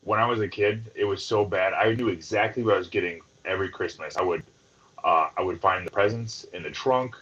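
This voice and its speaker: A man's voice: low voice, fairly quick, a bit bright, husky, highs cut off. A young man, a fighter guest, chatting easily and laughing in a casual interview over a video call.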